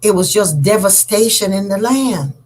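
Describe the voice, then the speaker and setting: A woman telling a folk tale aloud, acting out the characters' lines with big jumps in pitch. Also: expressive, moderate pace, darkish tone, poor audio. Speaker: storyteller. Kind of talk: oral storytelling.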